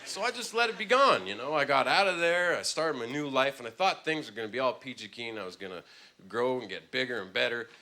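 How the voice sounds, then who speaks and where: A man doing a stand-up routine on a club stage, telling a story with swings from low mumbles to loud bursts. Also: expressive, fairly quick, a little hiss or hum. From Canada. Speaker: stand-up comedian. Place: comedy club stage with laughing audience.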